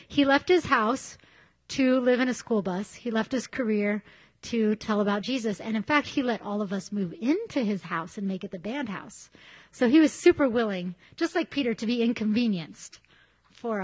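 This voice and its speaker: A woman preaching a sermon in a conversational, candid way, telling personal stories. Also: fairly high pitch. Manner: conversational, candid, animated storytelling.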